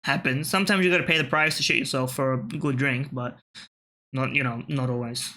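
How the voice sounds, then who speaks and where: A man's voice: medium pitch, fairly even intonation, fairly quick, sharp tone. A man, thinking aloud and swearing casually as he gives let's-play commentary on word puzzles. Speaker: gaming channel host.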